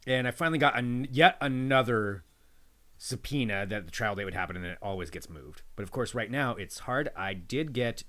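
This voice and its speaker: A man's voice: mid-range voice, moderate pace. A man co-hosting a casual talk show from home, joking and teasing his co-host. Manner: joking, teasing, lively up-and-down delivery. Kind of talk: casual banter. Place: spare bedroom at home. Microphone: home livestream setup.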